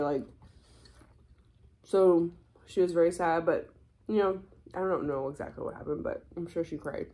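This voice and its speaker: A young woman vlogger telling a personal story in casual chat, candid and animated, swearing freely. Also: on the low side, moderate pace, long pauses.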